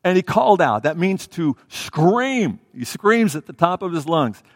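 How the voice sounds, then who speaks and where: Animated preacher in a reverberant hall. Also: male voice, sits high, measured pace, clean studio sound. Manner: animated, acting out the story, swinging between loud and soft. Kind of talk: sermon.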